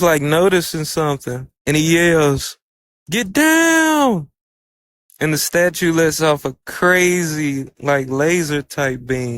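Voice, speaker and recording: Guy talking through an anime episode real casual, kinda high and smooth, dry close sound. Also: no echo. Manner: loose, conversational storytelling with "like" fillers. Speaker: anime reviewer.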